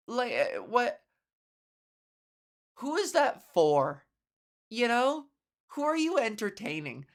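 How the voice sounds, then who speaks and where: Woman comedian ranting on her podcast. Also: medium pitch. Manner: profane, sarcastic ranting with quick laughs. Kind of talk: casual solo podcast rant.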